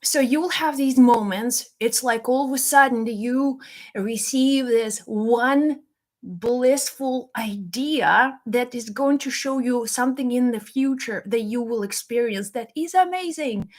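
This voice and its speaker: A woman's voice: a little high, unhurried. A woman speaking as a psychic medium and spiritual teacher, talking to camera in an earnest, encouraging way. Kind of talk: casual spoken teaching to camera.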